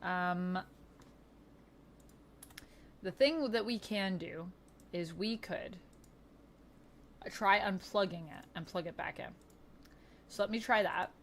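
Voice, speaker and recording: Woman streamer chatting slow and easy, sorting out tech stuff, light noise behind her. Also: on the low side, fairly bright tone. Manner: chatty, laughs often, thinks aloud while fixing tech. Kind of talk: casual live stream chat.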